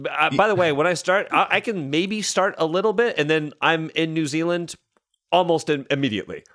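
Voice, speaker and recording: A man's voice: a little high, fairly quick, fairly bright tone. A man from Chicago, an improviser guest on a podcast, riffing in playful rambling comic chat. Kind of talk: casual comedic chat.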